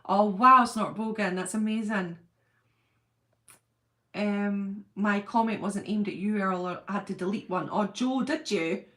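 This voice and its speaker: A woman's voice: mid-range voice, measured pace, sharp tone. A chatty middle-aged woman hosts a casual live stream, answering viewers by name. She rambles, wanders off on tangents and laughs easily as she goes. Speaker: livestream host. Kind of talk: casual live chat reading viewer comments.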